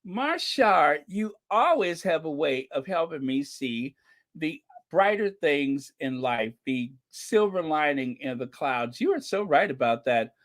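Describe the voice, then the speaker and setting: A man's voice: on the high side, lively intonation, slow pace, a bit bright. A man hosting his own online channel, chatting casually, reading viewer comments aloud and laughing often as he talks. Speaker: channel host.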